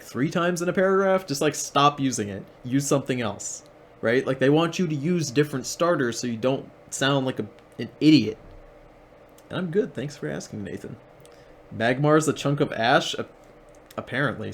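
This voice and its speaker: A man streaming live, swearing often and sarcastically critiquing a text he reads aloud while talking to his chat. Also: medium pitch. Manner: profane, sarcastic, swears a lot; talks to chat and critiques the writing. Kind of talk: casual livestream commentary, reading aloud.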